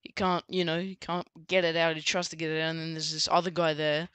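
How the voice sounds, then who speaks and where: Rambling casual storyteller, bright dry voice. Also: medium pitch, flat delivery, fast talker, smooth, no echo. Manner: rambling, full of fillers and restarts. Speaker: book reviewer.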